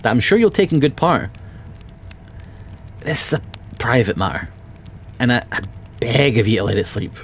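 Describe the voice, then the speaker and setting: A kindly, troubled doctor from a storybook, pleading heartfelt with a friend in a soft Edinburgh accent, voiced by a Scottish man in his own voice. The pitch sits mid-range for a man. A faint ambience hums underneath. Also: sing-song, moderate pace, pauses often, a little hiss or hum. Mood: earnest.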